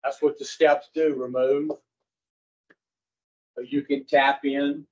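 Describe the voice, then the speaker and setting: A man's voice: medium pitch, flat delivery, takes it slowly, a little mellow. A man giving a casual, folksy teaching talk to a recovery group, blunt and profane, quizzing his listeners directly. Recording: dull lo-fi recording.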